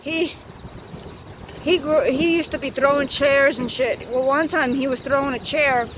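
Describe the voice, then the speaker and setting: A high-pitched woman in her thirties rambles through a profane, repetitive storytime. She is outdoors on a bike, and loud street traffic runs under her voice. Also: steady tone, a little slow. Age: 30s. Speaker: vlogger. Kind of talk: storytime vlog.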